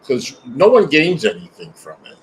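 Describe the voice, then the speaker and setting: A man hosting a stream, chatting in an animated, teasing way. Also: medium pitch, moderate pace, a little hiss or hum, rough recording. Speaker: stream host. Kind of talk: casual chat on a stream.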